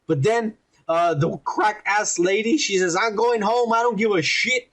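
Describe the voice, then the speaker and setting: A man hosting a podcast, retelling a TV episode in a casual, rambling, profane way and putting on quick voices for the characters. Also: high voice, fairly bright tone. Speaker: podcast host reviewing a TV episode.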